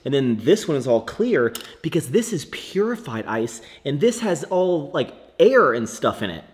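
A young man talking casually to camera in a vlog, joking and animated, swinging between loud excitement and low mutters. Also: moderate pace. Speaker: fitness vlogger.

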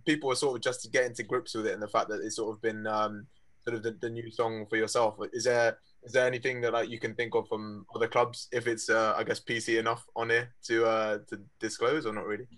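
Casting: male podcast co-host, mid pitch, hesitant, filler-heavy. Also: fairly even intonation, fast talker, a bit bright. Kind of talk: casual interview.

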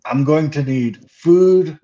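A man playing in a tabletop game, speaking haltingly and repeating words as he starts. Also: on the high side, warm tone, muffled recording. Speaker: player.

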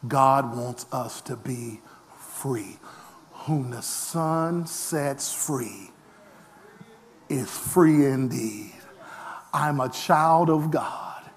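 A man preaching a lively sermon as pastor, self-deprecating, with frequent call-and-response asides. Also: mid-range voice, very slow, pauses often, slight background noise.

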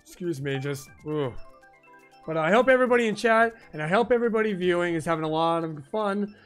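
Rambling, profane high-voiced male streamer. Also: animated, a little fast, smooth, soft background music. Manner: rambling, profane, frequent "like" fillers. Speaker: live-stream gaming host. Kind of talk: casual chat while gaming. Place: home gaming desk. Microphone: microphone on a boom arm.

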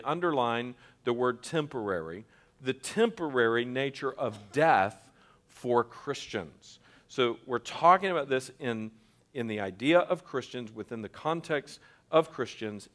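Earnest man teaching a sermon. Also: medium pitch. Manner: earnest, emphatic, with frequent restarts and slowed stresses. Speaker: pastor teaching a Bible class. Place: church.

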